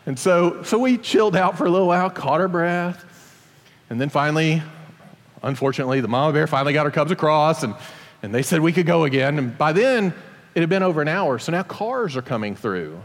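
A middle-aged father telling a personal story to an audience in an animated, self-deprecating way. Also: fairly high pitch, a little fast, big-room sound.

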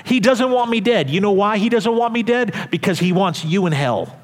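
A pastor playing Jesus, pleading earnestly and insistently with a friend in a church hall with long reverb. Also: male voice, high voice, animated, moderate pace, pitched above the performer's own voice. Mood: urgent. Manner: urgent, insistent preaching.

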